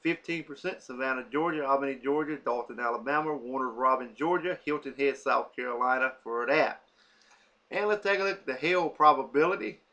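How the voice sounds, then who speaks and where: A man's voice: medium pitch, fairly quick, pushed and bright, lo-fi sound. A man giving a casual weather forecast, reading lists of cities off a map with many fillers.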